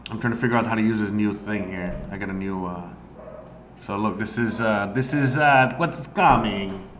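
A man's voice: lowish voice, a little fast. Rambling man in a roomy echo. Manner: rambling, heavy on "you know" fillers. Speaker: amateur comedian streamer. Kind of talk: casual profane rant. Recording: roomy echo, faint background noise.

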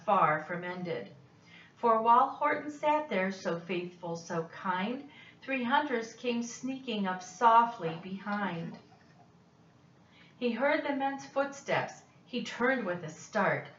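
Woman reading a rhyming kids book, slow and expressive, echoey room, kinda far from the mic. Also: fairly high pitch. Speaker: storyteller. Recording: dull, roomy, distant recording.

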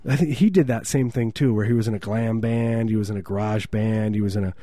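A man's voice: lowish voice, a little fast, warm tone, no echo. Rambling guy riffing on a radio show. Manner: rambling, riffs on absurd scenarios. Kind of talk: casual comedic banter.

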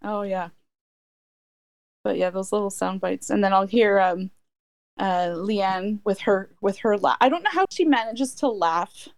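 A woman's voice: mid-range voice, a little slow, no room sound. A middle-aged woman chatting casually as a podcast co-host, laughing often and trailing off into restarts. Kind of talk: casual chat.

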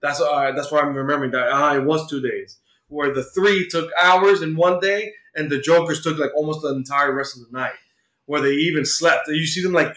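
A man's voice: on the high side, a bit bright. Chatty man, echoey room. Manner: rambling, many fillers like "like" and "uh". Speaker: podcast co-host. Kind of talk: casual chat retelling a comic plot. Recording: roomy echo.

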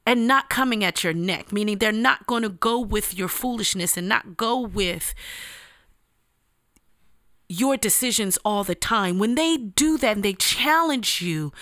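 A woman's voice: a little high, a bit bright, dry recording, clean studio sound. A woman giving a motivational devotional talk, earnest and emphatic, with casual slang and repeated phrases. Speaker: speaker giving a devotional message.

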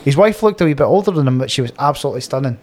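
A man's voice: mid-range voice, lively intonation, rapid-fire, a little mellow. Swearing Scottish man telling a story. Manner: rambling anecdotal storyteller, swears freely, laughs often. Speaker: podcast co-host. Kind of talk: casual banter among friends.

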